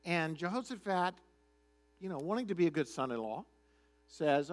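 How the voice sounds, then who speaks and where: A male pastor preaching a sermon in a chatty, conversational storytelling manner. His voice sits high for a man, and his intonation swings widely and with energy. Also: animated, normal speed.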